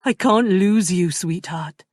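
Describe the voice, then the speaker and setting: A woman voicing a tender, remorseful young nobleman in love, speaking softly and earnestly. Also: lowish voice, takes it slowly, no echo, clean studio sound. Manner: soft, earnest and intimate.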